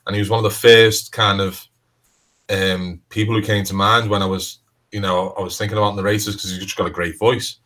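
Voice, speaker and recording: A man's voice: lowish voice, flat delivery, a little fast, a bit bright, poor audio. A man with a Liverpool accent talking in a casual interview as a crime author, rambling and restarting sentences with lots of "you know". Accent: Liverpool (Scouse). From Liverpool, England.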